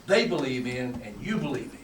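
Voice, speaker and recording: This older coach has a mid-range, animated voice and talks a little fast, telling emphatic, colorful stories at a football clinic while chuckling. The folksy lecture is recorded on a distant mic, sounding roomy with faint room noise.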